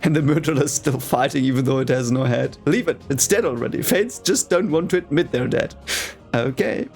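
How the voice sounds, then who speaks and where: A man's voice: medium pitch, brisk, gravelly, darkish tone, soft background music. A man reading a fantasy novel aloud for the first time, with chatty, playful commentary and laughing asides. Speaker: reader reacting to a novel. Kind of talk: casual reading reaction.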